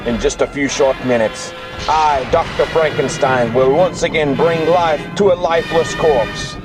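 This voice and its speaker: A man's voice: on the high side, unhurried, over music, close to an everyday voice. A man voicing a pompous, grandiose mad scientist doctor with theatrical, formal speech in a radio comedy skit.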